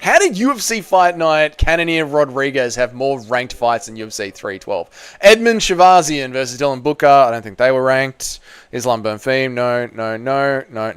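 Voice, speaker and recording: A man's voice: mid-range voice, clear, resonant tone. A young man, chatting casually on a live stream, reading viewers' messages aloud and answering them.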